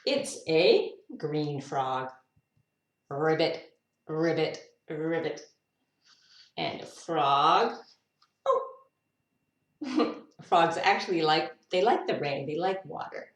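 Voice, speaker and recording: A woman English teacher reads a picture book aloud to children in a low, slow voice full of lively intonation. She playfully makes animal noises, spontaneous and unrehearsed, with laughs and musing asides, heard from a distance in a roomy echo.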